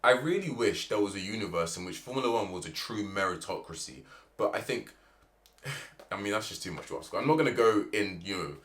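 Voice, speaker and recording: Man, motorsport commentary vlog, lowish voice, emphatic, rhetorical questions. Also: lively intonation, a little fast, fairly bright tone, slight background noise.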